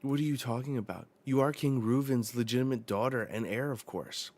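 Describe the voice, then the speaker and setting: A man's voice: medium pitch, a little fast, darkish tone, pitched above the performer's own voice, close to an everyday voice. Brook, a man reading as an earnest skeleton swordsman. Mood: incredulous. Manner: indignant, protective, read aloud from a manga page. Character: courtly old male skeleton swordsman, earnest.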